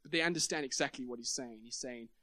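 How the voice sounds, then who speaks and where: A man's voice: medium pitch, fast, pushed and bright, no room sound. A man preaching a sermon at a church meeting, emphatic and building up to big points.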